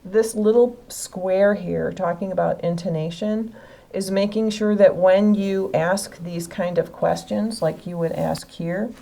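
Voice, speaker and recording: Woman tutor from Illinois, warm mellow voice, patient and encouraging in a one-on-one English lesson. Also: medium pitch, fairly even intonation, unhurried, vocal fry, few pauses. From Illinois, USA. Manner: patient, encouraging, explains step by step. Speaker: adult literacy tutor.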